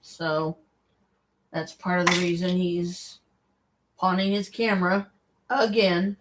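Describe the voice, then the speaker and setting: A woman's voice: lowish voice, little pitch movement, slow, slight background noise. A woman talking in a casual livestream monologue, rambling, blunt and exasperated, swearing freely as she speaks straight to a viewer. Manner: speaks to one viewer directly.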